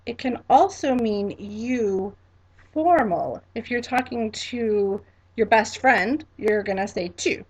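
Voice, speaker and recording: A woman teaching a class, slow and patient, spelling each word letter by letter and repeating it for students to echo. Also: a little high, lively intonation, darkish tone, breathy edge. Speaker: French teacher. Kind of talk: classroom lesson.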